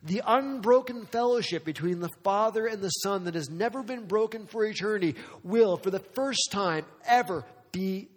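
A male pastor preaching a dramatic, emphatic sermon full of rhetorical questions, slowing down for weighty lines and speeding up for asides. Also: high-pitched, long reverb tail. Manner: swings between slow weighty phrasing and quick asides.

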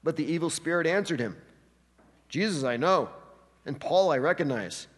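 A man preaching a sermon, acting out quotes with animated delivery in a church hall. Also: a little high, normal speed, slightly rough. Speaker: pastor. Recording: long hall reverb.

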